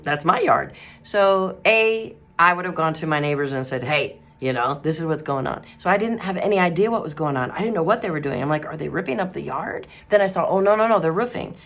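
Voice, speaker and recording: A woman's voice: low voice, fairly bright tone. A middle-aged woman giving a casual devotional talk, telling a story in a chatty way with laughter and acted-out quotes. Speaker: Christian radio host and ministry speaker.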